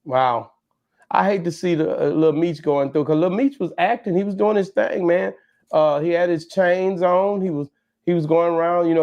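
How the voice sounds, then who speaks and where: A man talking in a relaxed, casual chat, often restarting his sentences with "uh" and "you know". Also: on the high side. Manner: relaxed, hesitant with repeated starts. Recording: slightly dull lo-fi audio.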